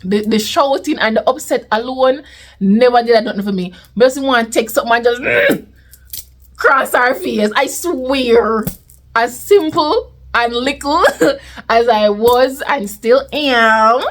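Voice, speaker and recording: A young woman with a Jamaican accent telling a storytime vlog in a lively way, slipping into patois. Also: a little high, moderate pace. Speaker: vlogger. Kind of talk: casual storytime.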